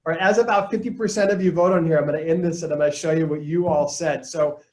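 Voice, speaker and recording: A man presenting a live leadership webinar, coaching his audience in an energetic tone and acting out the lines he quotes. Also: on the high side, quick pace, echoey room, poor audio. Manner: energetic, coaching tone, quotes people in put-on voices.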